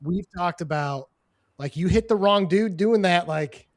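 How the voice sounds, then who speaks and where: A man hosting a podcast interview in a relaxed, joking way, with lots of "dude" and "you know.". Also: high-pitched, a little slow, no echo, studio quality. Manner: laid-back, joking, says "dude" and "you know" a lot. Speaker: podcast host. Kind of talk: casual chat.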